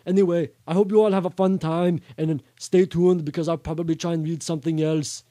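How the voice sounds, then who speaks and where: A man putting on a bragging Austrian-accented action hero, stammering and ad-libbing, mellow and fairly high, dry sound. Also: fairly even intonation, dry recording, lightly acted. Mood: boastful. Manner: halting, full of stammered fillers and ad-libs. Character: boastful male action-star bodybuilder, excitable and rambling. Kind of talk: comic impression reading a novel aloud.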